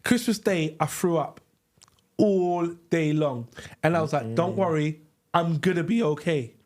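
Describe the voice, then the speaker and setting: A man, a podcast co-host telling lively, laughing stories in casual slang. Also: a little high, measured pace. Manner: animated, laughing storyteller with slang. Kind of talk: casual storytelling with friends. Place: live podcast studio.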